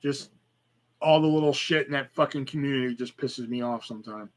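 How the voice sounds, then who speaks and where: A man's voice: mid-range voice, steady tone, normal speed, fairly bright tone. A young man hosting a live podcast, telling rambling, profane stories in casual chat and acting out the dialogue. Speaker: podcast host.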